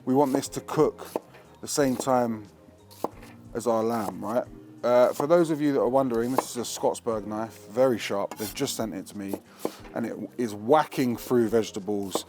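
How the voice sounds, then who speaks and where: A man's voice: medium pitch, normal speed, darkish tone. Slangy man hosting a cooking show. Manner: slangy, chatty, joking. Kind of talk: casual cooking demonstration. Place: kitchen.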